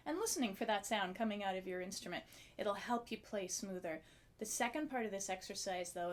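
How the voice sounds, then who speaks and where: A woman giving a clarinet lesson on video, talking the viewer through an exercise in a friendly, explanatory way. Her voice sits at an ordinary middle pitch, and she breaks off now and then to demonstrate. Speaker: clarinet teacher.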